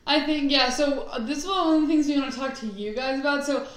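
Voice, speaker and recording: A woman's voice: high voice, quick pace, very echoey. A teenage girl hosting a casual chat, asking loose, giggly questions. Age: teens. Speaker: host.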